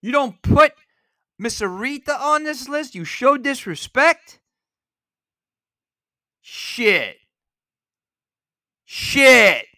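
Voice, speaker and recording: Angry man ranting, lively swinging pitch. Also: extremely slow, long pauses, no room sound, studio quality. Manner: angry, profane, shouting rant. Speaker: podcast host. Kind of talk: solo ranting podcast.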